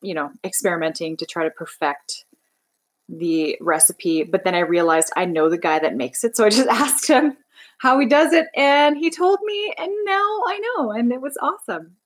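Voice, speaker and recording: A young woman from Canada speaks in an animated, mid-range voice at a moderate pace, with rough recording quality. As a livestream host she chats casually, bubbly and rambling while reading out viewer comments.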